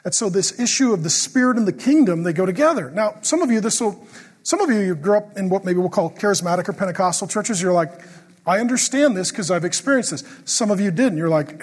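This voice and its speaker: A middle-aged man preaching a sermon, joking through family stories and turning quiet and earnest when he prays. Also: high-pitched, lively intonation, fast talker. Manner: joking storyteller who turns quiet and earnest in prayer. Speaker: pastor. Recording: long hall reverb.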